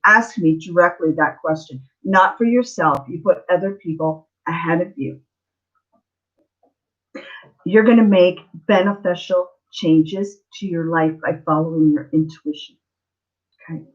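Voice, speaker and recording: A woman's voice: fairly low pitch, muffled recording. A woman giving a live online tarot reading, earnest and emotional, often checking in with the listener. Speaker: tarot reader.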